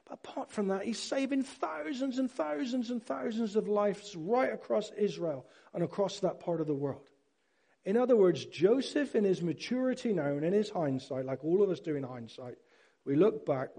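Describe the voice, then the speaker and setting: A man's voice: high-pitched, breathy edge. A man preaching a sermon, acting out Bible characters and asking his listeners questions. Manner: animated, acts out Bible characters; asks the congregation questions. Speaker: pastor.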